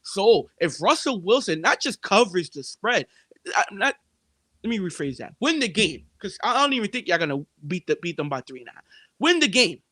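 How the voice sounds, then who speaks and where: A man with a high, lively voice co-hosts a sports betting show in casual chat. He talks emphatically, circling back on his points and calling out to his listeners. The recording is dry and close. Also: fairly quick, no echo. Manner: emphatic, repetitive, addresses listeners as "people". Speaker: sports betting podcast co-host.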